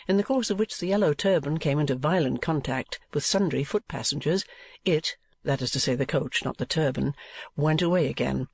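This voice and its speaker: A man giving a measured, expressive audiobook narration. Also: a little high, no room sound. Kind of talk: scripted narration.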